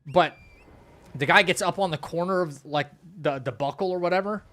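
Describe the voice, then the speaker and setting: A young man streaming a game who rambles through stories, laughs often, and mutters quietly to the game in between. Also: fairly high pitch, normal speed. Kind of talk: casual live-stream chat.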